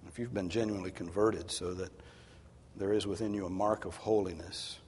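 A male pastor preaching a sermon, swinging from hushed tones to loud, emphatic exhortation. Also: low voice, fairly even intonation, a little fast, a little hiss or hum. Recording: long hall reverb.

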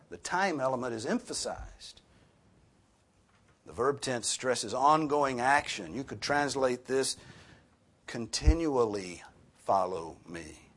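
A man's voice: mid-range voice, fairly bright tone, slightly rough. A man preaching a sermon as pastor, earnest and rising sharply for emphasis on key points.

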